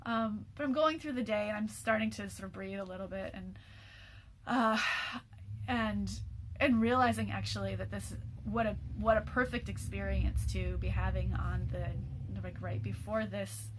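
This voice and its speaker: A woman's voice: mid-range voice, fairly even intonation, normal speed, slight background noise. Tired woman in her 40s rambling candidly, lots of ums and restarts, laughs here and there. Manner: laughs often mid-sentence. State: tired after an all-nighter. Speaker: program host. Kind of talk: personal video message.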